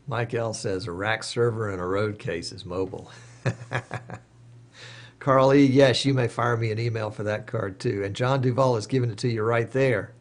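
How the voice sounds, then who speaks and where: A man hosting a live stream, reading viewer comments aloud and answering them off the cuff in casual chat. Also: lowish voice.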